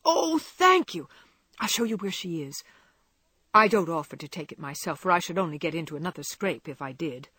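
A woman's voice: on the low side, lively intonation, breathy edge, dry recording, exaggerated voice. A woman voicing a clumsy, eager teenage girl. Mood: flustered. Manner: bright, quick and exclamatory. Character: clumsy, impulsive, good-hearted teenage girl.

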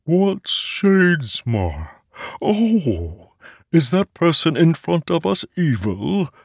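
A man's voice: on the high side, very animated, slow, gravelly, husky, no echo, clean studio sound, pitched above the performer's own voice, heavily acted. A male audiobook narrator voicing a cheerful, naive talking sword that is eager to fight, its voice sounding distorted, as if underwater. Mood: chirpy. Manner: childlike, chirpy, oblivious. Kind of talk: audiobook character voice.

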